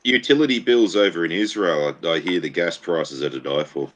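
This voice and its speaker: A man's voice: low-pitched, brisk, fairly bright tone. A man trading crude jokes and stories in a casual group stream. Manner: crude, laughing storyteller. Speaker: stream guest. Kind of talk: crude joking banter.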